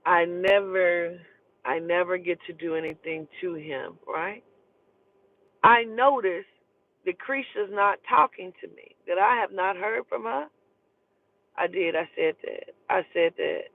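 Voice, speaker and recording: A woman with a lowish voice tells a personal story at a measured pace in casual, profane speech. She is animated and acts out the people in her story. The recording sounds tinny, like a phone, and dry.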